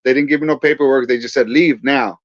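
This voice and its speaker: A man's voice: mid-range voice, fairly even intonation, fast, no room sound. A man from California's Central Valley, a pastor and veteran, telling his story in a podcast interview and acting out the dialogue as he goes. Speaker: guest, pastor and Marine veteran. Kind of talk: personal testimony in a podcast interview. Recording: dull, dry podcast audio.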